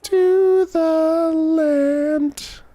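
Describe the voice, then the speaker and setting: A man putting on a high, solemn goddess voice, slow and drawn-out like a ceremony. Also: steady tone, warm tone, soft background music, exaggerated voice.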